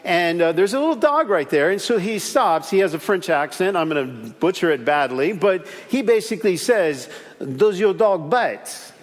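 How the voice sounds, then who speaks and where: A man preaching a sermon as pastor, animated, repeating key phrases and acting out little stories. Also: sits high, moderate pace, hardly any pauses, long reverb tail.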